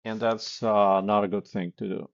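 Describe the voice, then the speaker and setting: A man's voice: fairly low pitch, little pitch movement, normal speed, creaky, highs cut off. A man coaching on sales calls in a blunt, casual way, with many fillers and acted example lines. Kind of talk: casual instructional talk.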